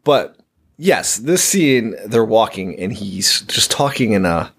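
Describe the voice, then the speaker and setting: Male co-host with a husky voice and a lively range, dry and emphatic in casual chat. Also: on the low side, slow. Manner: sardonic, emphatic, profane. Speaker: podcast co-host.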